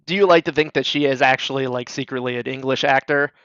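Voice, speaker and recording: A man's voice: medium pitch, fairly even intonation, fast talker, fairly bright tone, smooth, no room sound, highs cut off. A man, a guest in a casual chat, joking in a wry, self-deprecating way.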